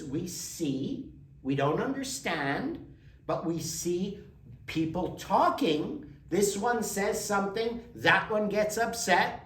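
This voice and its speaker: A man leads a motivational workshop, firing rhetorical questions at his listeners. His voice swoops lively between high and low. He is heard from some distance in a roomy space. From Quebec, Canada. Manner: animated, rhetorical questions to the audience. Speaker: workshop presenter.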